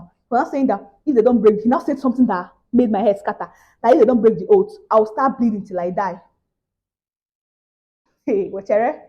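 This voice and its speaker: Talking fast in a mid-range voice, a young Nigerian English-accented woman shares a story in a casual vlog, moving between loud exclamations and hushed side comments. The recording sounds muffled.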